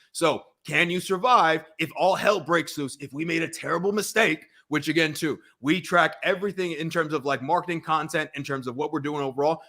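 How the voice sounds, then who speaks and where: Blunt, bright-voiced man coaching business. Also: on the high side. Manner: blunt, profane, repeats himself emphatically. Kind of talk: blunt debate-style conversation.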